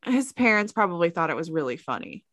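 A woman's voice: lowish voice, quick pace, no echo, clean studio sound. Chatty young woman on a podcast. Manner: relaxed and chatty, laughs easily. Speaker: podcast co-host. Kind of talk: casual podcast chat.

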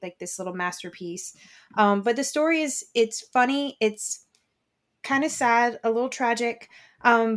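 A woman co-hosting a podcast, giving a relaxed, rambling book review full of ums. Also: mid-range voice. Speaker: podcast co-host reviewing books. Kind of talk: casual book review chat.

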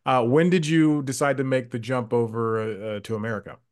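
A man hosting a podcast, asking relaxed questions in a casual interview and laughing along. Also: medium pitch, fairly quick. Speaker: podcast host.

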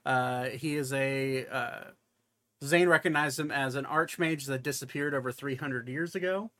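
Man running a tabletop game, halting. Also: mid-range voice, fairly bright tone. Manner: halting, with many filler sounds and restarts. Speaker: game master.

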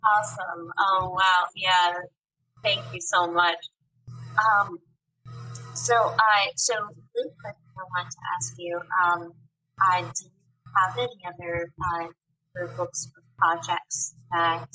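Bright-voiced woman host, eager and halting. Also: on the low side, fairly even intonation. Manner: enthusiastic, halting questions with fillers. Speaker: interview host. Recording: distant mic, faint music.

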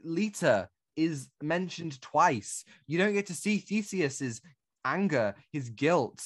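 A man's voice: fairly high pitch, animated, slow pace, fairly bright tone, no echo, clean studio sound. A man co-hosting a casual film review podcast, critiquing with exasperated, ranting energy. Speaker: podcast co-host.

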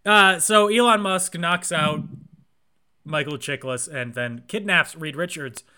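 A man's voice: a little high, measured pace, bright, forceful tone, smooth. A man co-hosting a podcast, retelling a film plot casually with sarcastic jokes. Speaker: podcast co-host. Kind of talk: casual movie recap chat.

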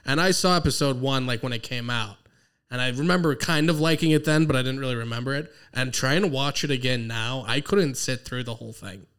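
A man's voice: medium pitch, fairly quick, fairly bright tone, clear, resonant tone. A man co-hosting a casual chat, easygoing, often laughing along and stammering a little at the start of his thoughts. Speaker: podcast co-host.

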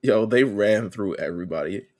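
A man's voice: on the low side, expressive, moderate pace, a little mellow. A young man co-hosting a casual wrestling podcast, laid-back and profane. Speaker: podcast co-host.

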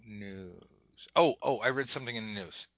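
A man's voice: lowish voice, moderate pace, fairly bright tone, no echo, highs cut off. A man co-hosting a podcast, improvising silly stories, laughing often and breaking into goofy voices. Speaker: podcast co-host. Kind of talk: improvised comic storytelling game.

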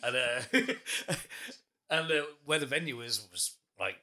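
A man's voice: mid-range voice, expressive, slow pace, pushed and bright. A man hosting a casual podcast, joking, laughing and swearing as he tells stories. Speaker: podcast host.

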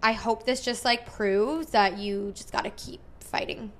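A woman's voice: a little high, unhurried. A woman in her thirties, a podcast host, casually telling a story, full of "like" and quoted dialogue. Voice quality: frequent "like" fillers, animated retelling with quoted dialogue.

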